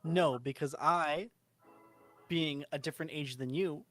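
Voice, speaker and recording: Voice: mid-range voice, unhurried, faint music behind. A podcast co-host making dry, teasing quips in casual chat.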